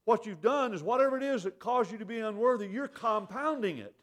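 A man's voice: high-pitched, animated, brisk. A man gives an earnest communion talk to a congregation. He speaks plainly, reads scripture aloud and repeats his points so they sink in. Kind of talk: communion meditation.

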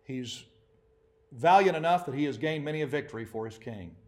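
A man preaching a sermon to his congregation, animated and acting out quoted voices. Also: fairly high pitch, fairly quick. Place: church assembly.

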